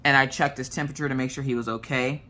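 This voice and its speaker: Woman vlogger, low pitch, forceful bright tone, animated storytime delivery. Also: fast. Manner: animated, frank storyteller who acts out quoted voices. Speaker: crafting vlogger. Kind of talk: casual storytime chat.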